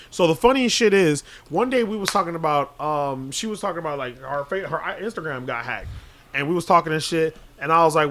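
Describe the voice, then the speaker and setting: A man co-hosting a podcast, telling a crude story in casual, profane talk and jumping into loud quoted voices. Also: fairly high pitch.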